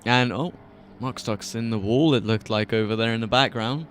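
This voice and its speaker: A British man with a medium-pitched voice, speaking at a moderate pace, commentates a live sim racing broadcast from a commentary box. As an esports race commentator, he calls the action in a chatty way, tossing in jokey asides between race calls, with slight background noise audible.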